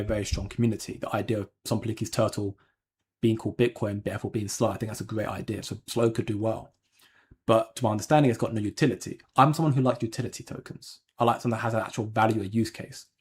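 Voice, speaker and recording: This crypto channel host has a husky, somewhat mellow voice on the low side. Answering viewer comments during his casual livestream, he wanders and hedges, often restarting and saying um.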